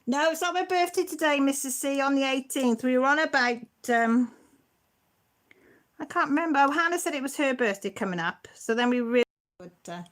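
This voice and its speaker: On her casual livestream, a middle-aged channel host with a high-pitched, slightly bright voice chats with viewers and teases them while responding to their comments.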